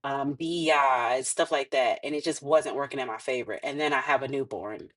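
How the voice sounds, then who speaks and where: A woman in her thirties, a podcast guest, telling a personal story in casual chat, animated and laughing often as she acts out what others said. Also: rumbling low, moderate pace.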